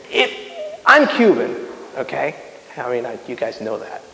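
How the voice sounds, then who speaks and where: A man's voice: high voice, normal speed. A man from Miami teaching a Bible lesson in a sermon style, acting out prayers with lots of restarts. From Miami, United States. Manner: animated, acts out prayers, many restarts. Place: community center hall. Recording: echoey hall with long reverb.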